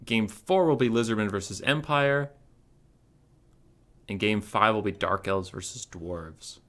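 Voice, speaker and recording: Young male tournament caster, bright tone, loose joking delivery with casual swearing. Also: fairly low pitch, measured pace. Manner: rambling, joking, swears freely. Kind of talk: casual game commentary.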